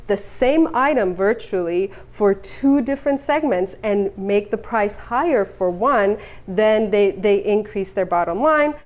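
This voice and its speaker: Female academic interviewee, calm explainer tone, mid pitch. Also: unhurried. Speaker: marketing professor. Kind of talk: interview answers.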